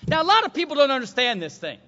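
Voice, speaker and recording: A male preacher with a very high, bright, forceful voice, delivering a sermon as dramatic storytelling. He swings from shouts down to hushed tones. The recording sounds dull and lo-fi. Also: wildly swooping pitch, rapid-fire.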